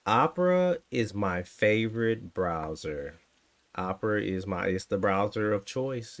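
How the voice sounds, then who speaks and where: A man's voice: on the low side, expressive, a little slow. A man in his thirties chatting casually with his stream viewers while coding, with a teasing, sarcastic manner that drifts into thinking aloud. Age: 30s. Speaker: coding streamer talking to chat.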